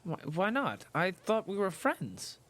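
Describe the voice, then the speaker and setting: A man's voice: sits high, wildly swooping pitch, a little slow, a bit bright, heavily acted. An actor playing an earnest, anxious bullied orphan boy who stammers when upset.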